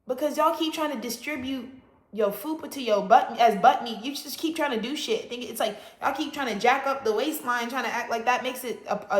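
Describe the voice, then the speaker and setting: A woman vlogger talking straight to camera in a blunt, profane and animated rant, hitting words hard for emphasis. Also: sits high, reverberant. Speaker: astrology vlogger. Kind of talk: casual ranting monologue.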